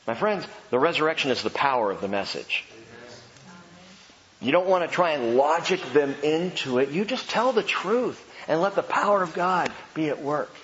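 A man preaching a sermon as pastor, animated and emphatic, with joking asides. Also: fairly high pitch, normal speed. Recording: echoey hall, dull lo-fi sound.

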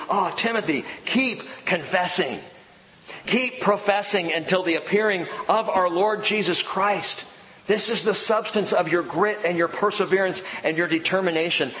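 A man preaches in a somewhat high voice, driving his points home through repetition and swelling emphasis before sinking into quiet prayer. His words ring out with a long reverb that fills the church, and a faint hiss sits underneath. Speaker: pastor. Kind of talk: sermon.

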